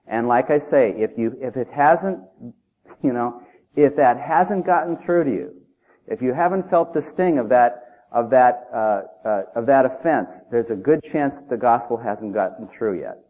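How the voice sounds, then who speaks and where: A man's voice: medium pitch, lively intonation, unhurried. A man preaching a sermon in an emphatic, conversational way, often asking the listeners questions. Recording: tinny phone-like audio.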